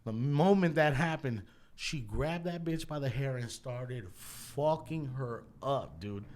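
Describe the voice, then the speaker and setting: A man's voice: medium pitch, takes it slowly, darkish tone. Profane laughing man storyteller. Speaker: podcast host. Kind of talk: casual storytelling.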